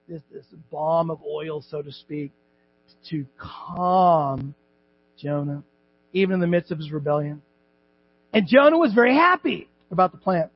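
A male pastor preaching a sermon in a church, animated and joking, acting out voices and shouting at times. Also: fairly high pitch, measured pace, dull audio. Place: church sanctuary.

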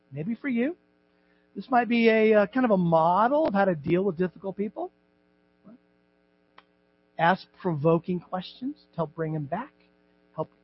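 A male pastor preaching a sermon in a church, animated and joking, acting out voices and shouting at times. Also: very high-pitched, husky, muffled recording. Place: church sanctuary.

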